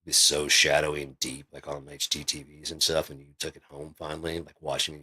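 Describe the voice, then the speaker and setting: A man with a very low voice and a forceful, tense edge talks in a loose, rambling vlog monologue. He swears freely and builds excitement as he spins out one idea after another. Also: brisk, breathy edge. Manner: rambling, profane, excitable storytelling. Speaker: vlogger.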